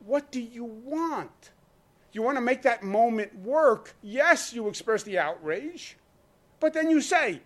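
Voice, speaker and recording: A man's voice: very high voice, lively intonation, slow, fairly bright tone. A man gives an emphatic public speech as a governor, asking rhetorical questions and mimicking imagined voices. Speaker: state governor.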